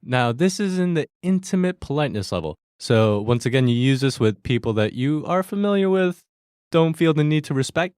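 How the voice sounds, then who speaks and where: A man's voice: on the high side, animated, a little fast, a little mellow, clean tone, no room sound, studio quality. A man hosting a language lesson, explaining Korean phrases to learners step by step in a friendly way that breaks into easy laughter.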